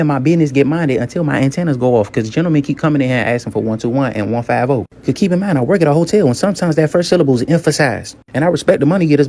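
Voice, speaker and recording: Fast-talking mellow man telling stories. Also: medium pitch. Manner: slangy, wry, gossipy. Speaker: hotel worker telling a story. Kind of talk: comedic storytime.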